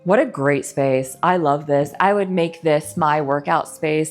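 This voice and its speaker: Woman real estate agent, middle-aged, lowish voice, enthusiastic house tour walk-through, faint music behind. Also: moderate pace, few pauses. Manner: enthusiastic, gushing about features, chatty asides. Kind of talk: casual walkthrough home tour. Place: indoors in a large house.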